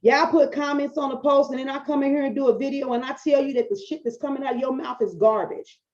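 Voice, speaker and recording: Brief: middle-aged woman coach, casual rant to camera, profane and animated, warm low tone. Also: fast, dull audio. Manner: blunt, profane, animated storytelling. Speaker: business coach. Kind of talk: casual talking-head video.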